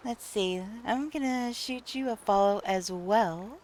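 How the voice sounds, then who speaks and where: Slow-talking woman with a New York accent. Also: mid-range voice, darkish tone. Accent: Long Island New York. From Long Island, New York. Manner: chatty, laughs often, answers chat. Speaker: streamer. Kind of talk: casual live-stream chat with viewers.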